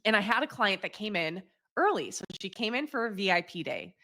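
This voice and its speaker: A woman in her thirties, hosting a show and telling a candid personal story in a lively, casual way, laughing often and swearing freely. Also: medium pitch, brisk. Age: 30s. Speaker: podcast host.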